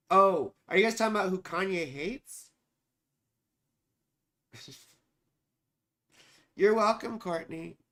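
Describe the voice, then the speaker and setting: A hoarse man with a high-pitched voice hosts a casual astrology livestream, talking slowly and unhurriedly. He rambles from thought to thought, answers viewers by name and swears freely. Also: a bit bright. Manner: rambling, profane, sings snatches between remarks. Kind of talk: casual livestream chat reading viewer comments.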